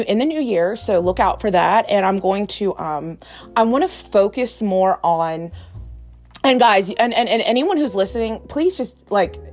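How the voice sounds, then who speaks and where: This woman speaks at a medium pitch with a darkish tone. A psychic medium and podcast host, she talks candidly in a casual monologue, swearing freely and laughing often, and she gets emotional to the point of near tears.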